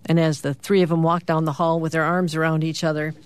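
Female radio host, middle-aged, lowish voice; lively comic-strip storyteller who pops up for character lines. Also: fast, clean tone. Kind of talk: reading newspaper comic strips aloud on morning radio.

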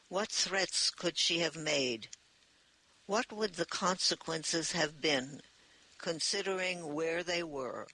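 A man narrating an audiobook in a measured storytelling manner. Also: a little high, gravelly, bright, forceful tone, no room sound, rough recording.

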